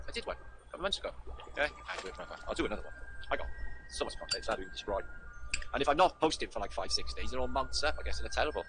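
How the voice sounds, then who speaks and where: A man's voice: medium pitch, sharp tone, a little hiss or hum. A British man hosting a casual livestream, greeting viewers by name and rambling in a sweary, affectionate way. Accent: British English. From Britain. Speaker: livestream host. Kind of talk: casual livestream chat reading out viewer names.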